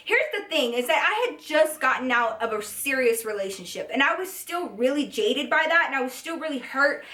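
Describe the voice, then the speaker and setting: A woman's voice: sits high, very animated, brisk, hardly any pauses, sharp tone. A young woman vlogger telling a profane, chatty storytime, full of "like" and "okay?". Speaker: beauty vlogger. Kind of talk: storytime vlog. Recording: echoey room.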